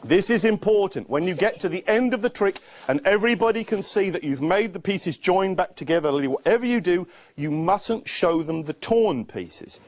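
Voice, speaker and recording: A children's magician talks young volunteers through his tricks in a playful, coaxing way. His voice sits a little high and swoops about with lively energy. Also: moderate pace, few pauses, no room sound. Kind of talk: live magic show with teaching.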